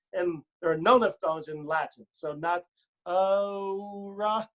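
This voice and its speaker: A man leading a choir rehearsal, coaching pronunciation and word stress, modeling phrases by speaking and singing them, with playful joking asides. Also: a little high. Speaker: choir director. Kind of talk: choral rehearsal instruction.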